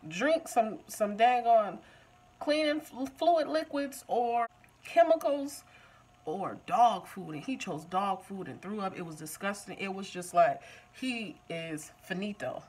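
A woman gives a casual TV recap, joking and talking back at the screen. Her pitch swings up and down a lot as she goes. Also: measured pace, breathy edge, rough recording. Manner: animated, joking, talks back to the show. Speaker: TV recap vlogger. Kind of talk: casual TV episode review.

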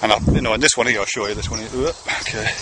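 A father speaks quickly to his son in a fairly low voice, with a noisy background. His rambling monologue to camera is conversational and dotted with offhand swearing.

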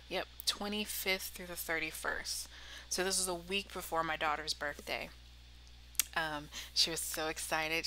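A woman's voice: lowish voice, sharp tone, poor audio. A woman in her thirties chatting casually through a planner voiceover, a bit cracky-voiced, saying y'all and laughing often. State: slightly cracky voice. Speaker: planner vlogger. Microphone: voiceover mic.

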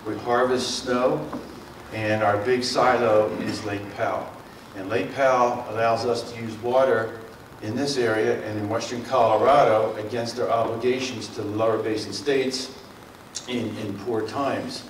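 A man's voice: mid-range voice, fairly even intonation, unhurried, distant mic. A middle-aged man with a Philadelphia and South Jersey accent speaks to a community forum in a loose, rambling way, with plenty of fillers and restarts. He stands well back from the mic, and his voice rings around an echoey meeting room. A faint room hum sits underneath. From Mid-Atlantic US. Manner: folksy and rambling, with many fillers and self-corrections. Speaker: water district speaker. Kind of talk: public talk to a community forum.

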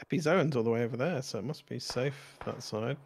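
A man's voice: medium pitch, vocal fry, breathy edge. A man in a team shooter, calling out where enemies are for his friends. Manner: spots enemies and calls them out quickly. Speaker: teammate in a stream. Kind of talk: casual gaming chat.

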